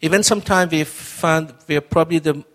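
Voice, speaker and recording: Middle-aged man, pastor giving a personal testimony sermon; earnest and conversational, repeats himself, pitched a bit high. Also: steady tone, fairly quick, fairly bright tone.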